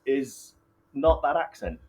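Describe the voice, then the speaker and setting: A man's voice: medium pitch, sing-song, takes it slowly, a little mellow, poor audio. A Welsh man co-hosting a casual live-stream chat, dropping dry, joking asides. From Wales. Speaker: co-host.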